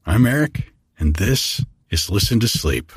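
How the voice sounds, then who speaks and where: A man hosting a sleep podcast, narrating a bedtime fairy tale in a calm, gentle way. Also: lowish voice, a little slow, noisy background. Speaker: podcast host and storyteller. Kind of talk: slow bedtime story narration.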